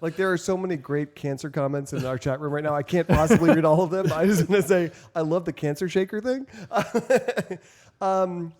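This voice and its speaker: A man's voice: on the high side, normal speed, a little mellow. A man co-hosting a casual podcast panel chat, talking loosely and laughing often. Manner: chatty, laughs often, mock voices. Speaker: podcast co-host.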